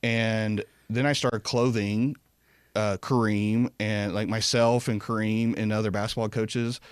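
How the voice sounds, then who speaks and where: A low-voiced man chatting as a podcast guest, wandering through his thoughts with lots of fillers and restarts. He is recorded close on a studio mic in a dry room. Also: flat delivery, measured pace, smooth, no echo. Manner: rambling, many fillers and restarts. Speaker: podcast guest, event company president. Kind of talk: casual interview chat.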